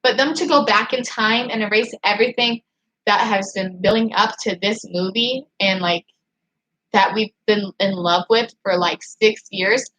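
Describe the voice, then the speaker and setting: A woman talks straight to her livestream viewers and answers their chat comments as they come in. Her talk is a fast, frustrated rant, full of "like" and sentences she starts over. The voice sits at an ordinary pitch for a woman. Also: rough recording. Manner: excitable and frustrated, heavy use of "like". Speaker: channel host reading live chat.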